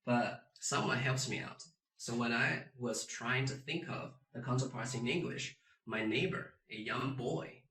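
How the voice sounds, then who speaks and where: A man's voice: mid-range voice, recorded from a distance. A man, a teacher, giving a beginner pronunciation lesson and acting out each tone with exaggerated sounds. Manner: animated, demonstrates tones with sung and exaggerated sounds. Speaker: Mandarin teacher. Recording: roomy, a bit off-mic.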